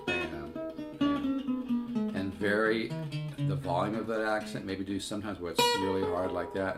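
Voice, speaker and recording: An older man giving a casual guitar lesson, rambling and conversational, with asides between his own playing. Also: deep voice. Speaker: guitar teacher.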